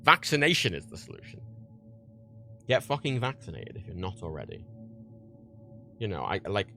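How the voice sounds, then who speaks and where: A man's voice: low-pitched, moderate pace, gravelly, faint music behind. A man hosting a livestream, ranting heatedly and swearing a lot as he gives his opinions. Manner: heated, profane, animated. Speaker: livestream host.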